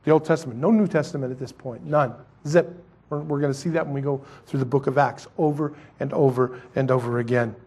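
Husky-voiced man preaching with emphasis. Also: mid-range voice, a little fast. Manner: animated preaching that swings between loud emphasis and quiet asides. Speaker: pastor. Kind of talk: sermon.

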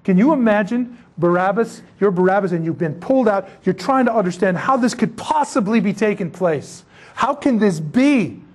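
A man with a high voice delivers a sermon as vivid storytelling. He acts out the scenes he describes, pushing his voice up to emphatic peaks before dropping low again. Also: a little fast, hardly any pauses. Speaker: preacher.

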